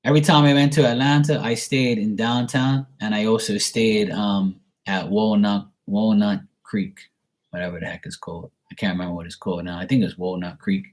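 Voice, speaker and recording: A man from Bermuda chatting casually as he answers viewer messages, rambling and laughing at himself. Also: lowish voice. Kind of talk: casual live chat reading.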